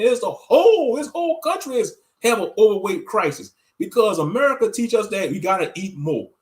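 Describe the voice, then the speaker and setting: Blunt high-voiced man ranting on a livestream. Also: darkish tone. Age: 30s. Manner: blunt, profane, rambling rant; addresses viewers directly as family. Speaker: livestream commentator. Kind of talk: casual livestream commentary.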